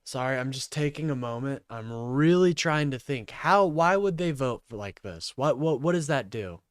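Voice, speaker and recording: A man's voice: medium pitch, animated, moderate pace, clean tone, no room sound, clean studio sound. A man live streaming commentary, ranting and swearing in exasperation.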